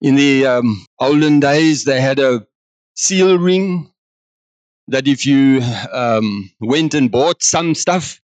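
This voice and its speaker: A man with a South African accent preaching a sermon in an animated way, acting out God's words. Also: medium pitch, slow pace, no room sound. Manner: animated, acts out God's words, mixes in other languages.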